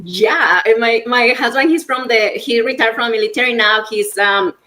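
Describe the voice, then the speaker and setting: A woman from Mexico with a strong Mexican Spanish accent, a business owner talking as a guest in a lively interview and mixing in Spanish words. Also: on the high side, moderate pace, a little hiss or hum. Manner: lively, restarts often, mixes in Spanish words. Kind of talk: casual interview chat.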